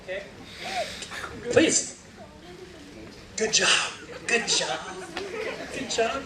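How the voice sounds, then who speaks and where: A man's voice: high-pitched, expressive, very slow, reverberant, far from the mic, a crowd in the background, low-quality recording. A man giving a guest lecture, playfully coaching volunteers through a game and laughing often. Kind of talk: lively lecture-hall game with audience.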